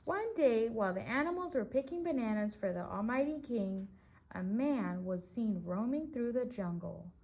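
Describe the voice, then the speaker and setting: A woman's voice: on the high side, animated, normal speed, a little mellow. A woman reading a picture book aloud to preschool children as their teacher, stopping to ask them questions about the story.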